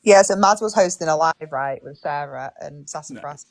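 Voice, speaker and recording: A woman, a livestream guest, retelling online drama in a rapid, gossipy way. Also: deep voice, vocal fry. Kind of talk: animated storytelling chat.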